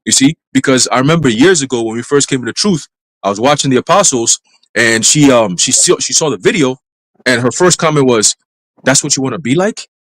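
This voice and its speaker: A man in a live church stream telling a dream as testimony, in brisk street slang with some cursing. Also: mid-range voice, fairly bright tone, no echo, poor audio. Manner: brisk storytelling full of street slang and profanity. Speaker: church minister.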